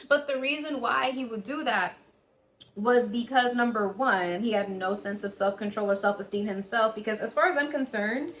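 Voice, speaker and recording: A woman's voice: fairly high pitch, a bit bright, echoey room, a little hiss or hum. A woman giving a casual, candid astrology reading, swearing freely and laughing often. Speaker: tarot reader.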